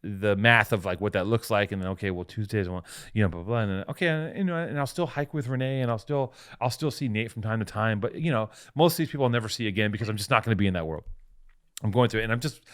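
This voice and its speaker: A man co-hosting a podcast, swearing in casual chat and switching from heated ranting to quieter confessional talk. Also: on the low side, fast, smooth. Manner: swearing, repeats words. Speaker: podcast co-host.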